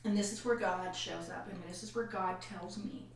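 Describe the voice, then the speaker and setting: Woman, podcast guest, animated storytelling, distant mic, very echoey room. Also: medium pitch, moderate pace, gravelly, slight background noise. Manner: animated, acts out quoted voices, frequent laughs. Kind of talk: emotional personal storytelling.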